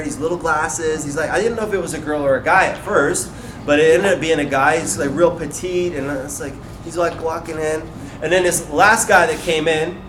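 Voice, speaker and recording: Lively man telling a story on stage. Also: a little high, a little hiss or hum. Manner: acts out quoted dialogue, many fillers like "like". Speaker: guest speaker at a beauty school. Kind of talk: animated storytelling talk. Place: school hall, live audience.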